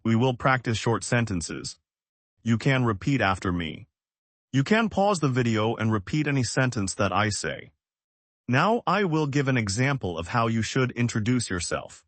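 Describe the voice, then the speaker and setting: A man from the United States, teaching English in slow, simple, evenly paced sentences. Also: mid-range voice, sing-song, fairly bright tone, dry recording. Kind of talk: slow scripted lesson.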